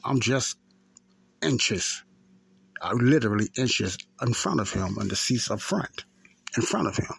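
This is a man, hosting a faith talk show. His voice is low, gravelly and husky. He tells his story in loose, repetitive loops, full of fillers and restarts. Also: lively intonation, moderate pace, a bit bright. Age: 50s. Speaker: podcast host. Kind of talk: casual spoken testimony.

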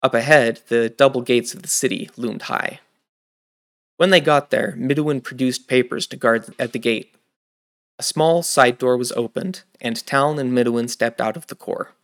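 A man narrates a fantasy audiobook in a steady, scripted storytelling manner. He does the plain narration between the characters. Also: mid-range voice, moderate pace.

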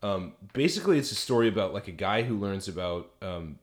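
A man co-hosting a podcast, telling a story in crude, animated casual chat with lots of fillers. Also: low-pitched, a little fast. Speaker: podcast co-host.

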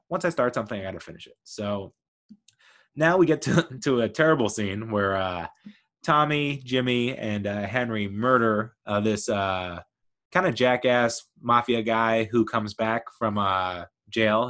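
A man hosting a movie podcast, rambling enthusiastically with lots of fillers and quick laughs. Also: fairly low pitch, a bit bright. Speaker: podcast host. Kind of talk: casual movie review podcast.

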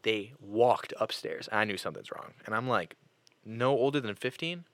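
A young man with a lowish, bright, forceful voice hosts a casual podcast chat, telling stories with lots of "like" and restarts. His voice sits close and dry, with no room sound. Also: moderate pace, dry recording. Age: young adult. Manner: animated storyteller, many fillers and restarts. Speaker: podcast host.

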